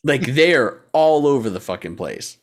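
Young male co-host, average pitch, loose and profane, laughs a lot, does voices for quotes. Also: expressive, measured pace. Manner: laughing often, swearing, acting out quotes. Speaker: podcast co-host. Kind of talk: casual chat.

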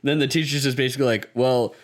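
A man casually recapping an anime episode with friends, swearing often and laughing, animated in his retelling. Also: mid-range voice, fast. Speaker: podcast co-host.

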